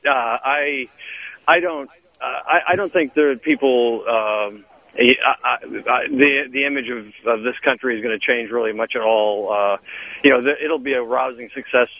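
A man's voice: medium pitch, moderate pace. Man on a dull phone line. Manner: hesitant, many restarts. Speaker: correspondent calling in. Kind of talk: casual radio phone interview.

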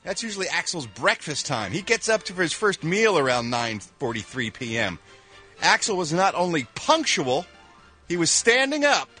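A man from Philadelphia hosting a morning radio show, reading entertainment news in an animated, jokey way with quick voiced reactions. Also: a little high, faint music behind. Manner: animated, jokey, with quick sound-effect interjections. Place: radio studio.

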